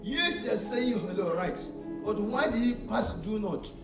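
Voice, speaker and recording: A high-voiced man preaches a call-and-response sermon, asking the crowd to fill in words. His voice swings from loud to soft as he acts out little scenes. He is heard from a distance in a very echoey hall, with faint music behind. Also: animated, normal speed. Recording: echoey hall, far from the mic.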